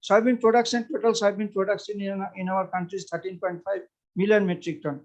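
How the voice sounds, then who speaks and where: A man with an Indian English accent speaks at a seminar, off the cuff, with a fairly high voice. He stops often on "uh" and begins sentences again. He repeats his key points to urge his listeners on. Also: level tone, poor audio. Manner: halting, with frequent "uh" fillers and restarts; persuasive and repetitive, urging the audience. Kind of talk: unscripted seminar speech.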